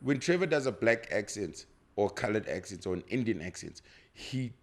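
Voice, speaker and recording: Animated South African man hosting a podcast. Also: lowish voice, moderate pace. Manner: animated, talks through points at length with restarts. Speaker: podcast host. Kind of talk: casual podcast chat.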